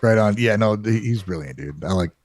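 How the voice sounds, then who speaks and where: A man co-hosting a reaction show, talking in a relaxed, easy way with plain enthusiasm. His voice sits a little low and steady. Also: brisk. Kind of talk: casual chat.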